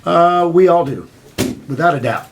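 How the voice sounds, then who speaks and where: A man's voice: a little high, lively intonation, normal speed, lo-fi sound, slight background noise. An older man, a band member, talking earnestly and reflectively in an interview.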